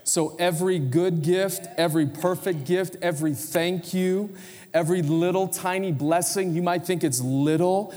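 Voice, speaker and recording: A man's voice: fairly high pitch, unhurried, a little mellow, long reverb tail. A man in his forties preaching a conversational sermon in a church, prompting the congregation to answer and turn to each other. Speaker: pastor. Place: church sanctuary.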